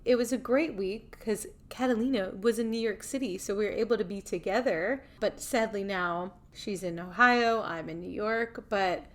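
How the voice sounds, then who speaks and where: Woman, podcast co-host, casual and playful, mid-pitch, easy chat. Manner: chatty, playful, quick to agree.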